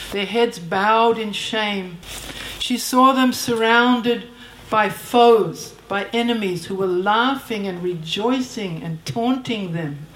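A woman retelling an ancient epic in an earnest way, repeating words for emphasis. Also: medium pitch. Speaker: storyteller. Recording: roomy echo, faint background hum.

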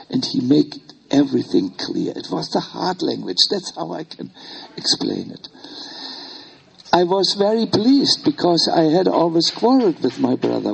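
A man's voice: a little high, big pitch swings, unhurried, vocal fry, husky, low-quality recording. An older man with a German accent, a German native speaker, giving an informal, hesitant talk with many fillers to a retreat group as a spiritual teacher.

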